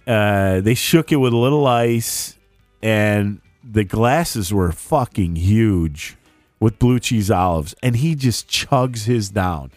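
A man hosting a casual chat, telling an animated, profane story. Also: lowish voice, no room sound.

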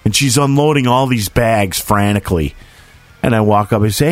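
A man's voice: fairly low pitch, normal speed, no echo. A middle-aged man telling a rambling, profane, self-mocking anecdote in casual chat. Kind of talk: casual storytelling.

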